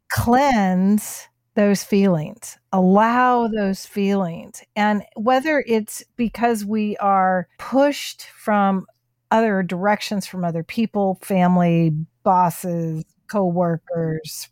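A woman's voice: medium pitch, a little mellow, no room sound, clean studio sound. A woman hosting a heartfelt casual conversation, speaking in a soothing, affirming way.

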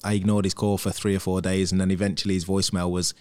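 A former professional footballer, speaking in a low voice at a quick pace, chats casually as a guest about his career. He's animated and talkative, acting out quotes from other people as he tells stories in a relaxed interview.

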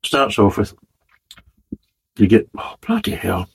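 A man's voice: on the low side, sing-song, takes it slowly, gravelly, a little hiss or hum, rough recording. A man giving a casual, blunt and sweary spoken beer review with a wry, exasperated manner.

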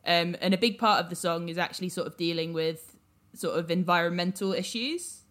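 A woman co-hosting a relaxed show about songs, talking in a chatty way with lots of ums and some teasing. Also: fairly low pitch, fairly quick. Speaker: podcast co-host. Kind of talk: casual chat about songs.

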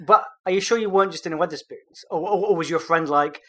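A man from England hosts a casual comedy podcast. He riffs with dry, teasing humour. His delivery is conversational and relaxed. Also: fairly high pitch, quick pace. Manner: dry, joking banter. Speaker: podcast host.

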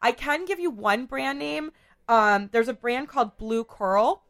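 A woman hosting a podcast in a casual chat, hoarse from a cold, chatty and full of fillers. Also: fairly high pitch, measured pace, a bit bright. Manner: chatty, filler-heavy, laughs often. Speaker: podcast host.

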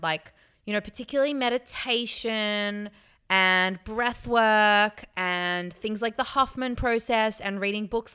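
A bright young woman with a clear, mid-range voice chats casually as a podcast co-host. She tells stories with lots of energy and acts out the quotes.

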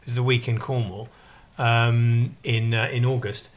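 A man's voice: mid-range voice, little pitch movement, moderate pace. A man chatting casually as a podcast co-host, rambling, self-mocking and jokey. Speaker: newspaper columnist and podcast co-host. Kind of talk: casual comic chat.

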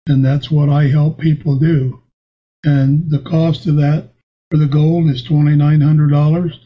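A man's voice: fairly high pitch, little pitch movement, measured pace. An older man, a lawyer and guest, telling courtroom stories in an earnest, folksy way. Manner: earnest, folksy, retells courtroom scenes with quoted voices. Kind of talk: casual interview storytelling. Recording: dull lo-fi audio with loud background noise.

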